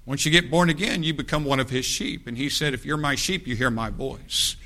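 A man's voice: mid-range voice, a little fast, bright, forceful tone. A man preaching a folksy, joking sermon to his church. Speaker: pastor. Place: church sanctuary. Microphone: church microphone.

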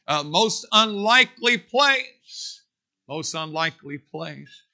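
A man preaching from the pulpit. His tone is very bright and forceful. He talks in a folksy way and climbs to loud, emphatic peaks. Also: a little high, animated, slow pace, creaky. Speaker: pastor. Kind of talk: sermon.

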